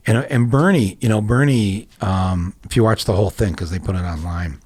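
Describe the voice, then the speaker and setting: A man's voice: on the low side, normal speed, darkish tone, husky. Rambling man hosting a chatty podcast. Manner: rambling, lots of restarts and fillers, jokey asides. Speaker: podcast host. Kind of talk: casual conversation.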